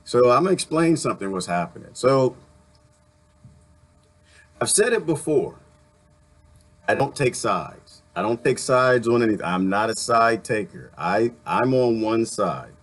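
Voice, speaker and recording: A man's voice: mid-range voice, expressive, a little slow, pauses often. A man hosting a casual livestream, talking bluntly and repeating himself, a little annoyed. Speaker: livestream host.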